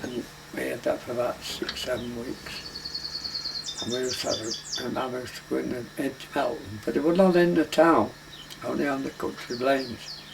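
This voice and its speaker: Older man, gravelly voice, rambling dialect reminiscence, noisy hiss behind. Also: medium pitch, fairly even intonation, normal speed. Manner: plain dialect speech, loosely strung recollections. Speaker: interviewee recalling travelling life. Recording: noisy documentary recording.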